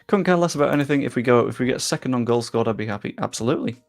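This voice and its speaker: A young man with a faint Yorkshire accent chats loosely on a live stream, reading viewer comments aloud and poking fun at himself. His voice has a gravelly edge, sits at a middle pitch, and has faint music running underneath. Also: rapid-fire. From England. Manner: chatty, self-deprecating, reads comments aloud. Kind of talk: casual live-stream chat.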